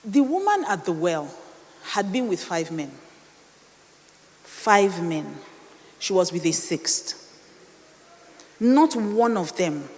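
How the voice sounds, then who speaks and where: A middle-aged woman with a Nigerian accent, telling a personal story in a dramatic sermon style full of rhetorical questions. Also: medium pitch. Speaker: speaker. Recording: reverberant hall.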